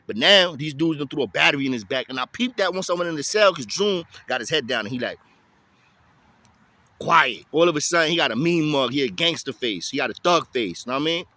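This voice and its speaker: A man telling a story in casual street slang, lively and chatty. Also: fairly high pitch, fairly quick, no echo. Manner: street slang, animated, tosses in "you feel me".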